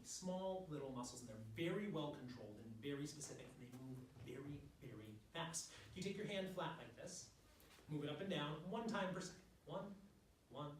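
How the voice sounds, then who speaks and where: Lively male workshop presenter in an echoey room. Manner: lively, demonstrative, leads the room through exercises. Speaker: music education workshop presenter. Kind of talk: live teaching workshop. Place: workshop room with a live audience. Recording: echoey room from far off, clear noise and low rumble.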